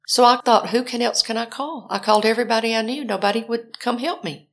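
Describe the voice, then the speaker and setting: An older woman tells a story, her voice carrying a gravelly edge. She talks animatedly and acts out her own frantic calls for help. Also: fairly high pitch, steady tone, fast talker. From Alabama, US. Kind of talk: personal storytelling.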